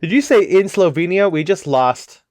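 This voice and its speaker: A man's voice: high voice, lively intonation, moderate pace, a little mellow, no echo. A man co-hosting a podcast in casual chat, joking around and laughing often. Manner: joking, laughs often, does silly voices. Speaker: podcast co-host.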